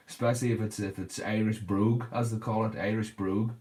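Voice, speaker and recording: A man's voice: lowish voice, steady tone, moderate pace, mellow. A man hosting a casual livestream, chatting and answering viewers' comments while he paints a model.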